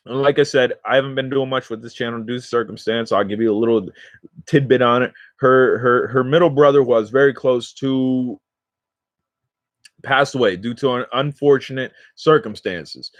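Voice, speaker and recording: Casual male vlogger, slangy rambling storyteller, mid pitch, dry close recording. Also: steady tone, moderate pace, no room sound. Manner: slangy, rambling, talks to viewers directly. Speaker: cannabis vlogger.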